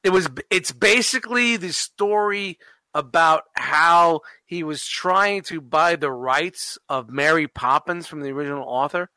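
A man's voice: on the high side, unhurried, bright, forceful tone, dry recording. A man co-hosting a podcast in casual chat, rambling and swearing heavily to make his points. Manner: profane, rambling, emphatic. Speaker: podcast co-host.

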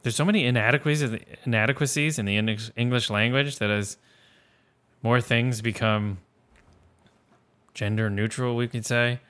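Easygoing man with a bright, forward tone. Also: mid-range voice, fairly even intonation, normal speed, long pauses, clear, resonant tone. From Philadelphia area. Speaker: podcast co-host. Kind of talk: casual movie discussion.

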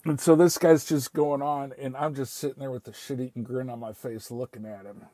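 Guy rambling thru a story, cussing, kinda raspy, low warm tone. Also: fairly even intonation, brisk, no room sound. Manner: rambling, profane, quotes people with "I was like". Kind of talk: casual spoken anecdote.

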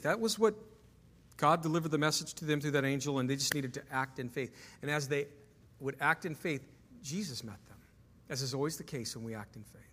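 Bright-voiced male pastor preaching in a hall. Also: a little high. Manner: emphatic preaching with rhetorical questions to the congregation. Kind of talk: sermon. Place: church sanctuary.

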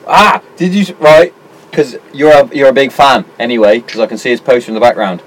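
A man co-hosting casual banter, firing off quick, sweary wisecracks. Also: medium pitch, rough recording. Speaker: co-host.

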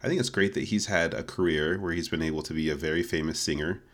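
A man's voice: rumbling low, fast talker, a bit bright. A man co-hosting a podcast, chatting casually in an amused, playfully mock-earnest way. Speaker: podcast co-host. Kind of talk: casual chat.

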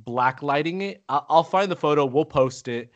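Animated man telling stories. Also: on the high side, normal speed, muffled recording. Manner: animated storyteller, acts out quotes. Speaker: podcast host. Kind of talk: casual chat.

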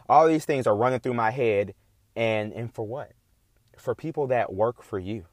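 A man's voice: mid-range voice, normal speed, dry recording. A man in a casual, heated monologue, talking in a profane, emphatic and indignant way.

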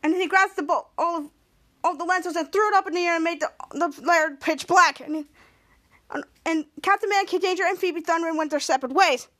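A woman hosting a podcast, recapping a TV episode in a halting way, often restarting and repeating herself. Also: very high voice, pushed and bright. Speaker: podcast host.

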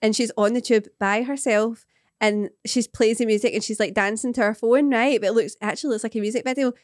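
A woman with a Glaswegian accent, co-hosting a podcast and telling a story in casual chat, animated and quick. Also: a little high, no echo, studio quality. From Scotland. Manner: animated storyteller, quick bursts, acts out voices. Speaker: podcast co-host.

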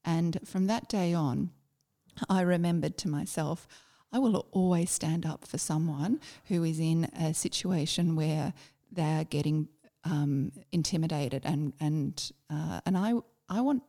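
Low gravelly Australian woman. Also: dark tone. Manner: reflective, halting with frequent fillers. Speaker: guest, former army officer. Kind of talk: personal storytelling.

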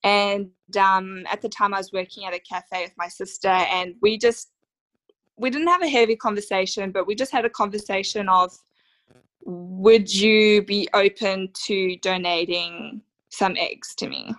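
Unhurried and fairly bright in her mid-range voice, this Australian woman in her thirties shares her personal story as a podcast guest, emotional and heartfelt and full of fillers. The conversational storytelling interview is recorded at low quality, without echo.

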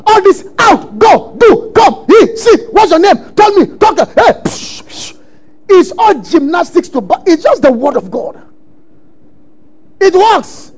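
A man preaching a sermon, emphatic and often shouting lines as he acts out quotes. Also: very high voice, big pitch swings, unhurried.

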